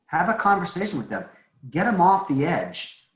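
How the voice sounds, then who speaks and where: A man's voice: a little high, very animated, normal speed, reverberant, rough recording. A man from Massachusetts coaching recruiters in a casual webinar, chatty and joking, with a schmoozing manner. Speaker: recruiting trainer.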